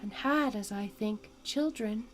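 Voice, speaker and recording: Gentle storybook ghost, woman reads it, measured and slow. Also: mid-range voice, faint music behind, natural voice. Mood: solemn. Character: calm spirit, gentle and probing.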